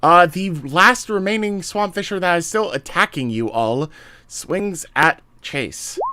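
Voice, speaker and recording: Higher-voiced guy running the game, dry close sound, chill, lots of uhs. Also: unhurried, no room sound. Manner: relaxed, thinks aloud with fillers. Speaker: game master. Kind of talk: narrating and ruling a tabletop game.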